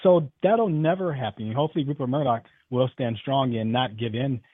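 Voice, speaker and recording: A man's voice: medium pitch, normal speed, breathy edge, no echo. Indignant male caller on a tinny phone line. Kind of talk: call-in radio chat.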